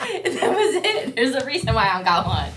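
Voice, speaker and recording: A woman's voice: high-pitched, normal speed, crowd noise. A woman in her thirties, a mother chatting on a podcast, telling stories with swearing and acted-out quotes. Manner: animated storyteller, swears, acts out quotes loudly. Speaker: guest, mother. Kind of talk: casual podcast chat. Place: podcast studio.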